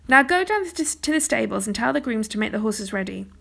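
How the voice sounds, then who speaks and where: A woman's voice: a little high, expressive, a little fast, gravelly, sharp tone, exaggerated voice. A woman doing a firm, kindly old lord. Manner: firm, authoritative. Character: firm but kindly older lord and father figure.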